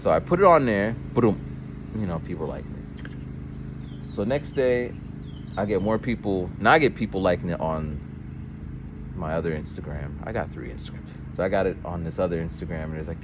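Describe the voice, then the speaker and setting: A man's voice: deep voice, animated, normal speed, background noise. A man telling a rambling story while walking outdoors, with false starts and quoted voices of other people. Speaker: vlogger. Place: outdoors on a street.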